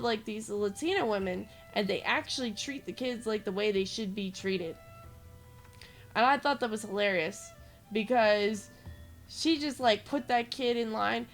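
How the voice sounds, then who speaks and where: A young woman hosting a gaming channel, telling a rambling story with lots of filler words and getting animated as she goes. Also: a little high. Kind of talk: casual rambling commentary over gameplay.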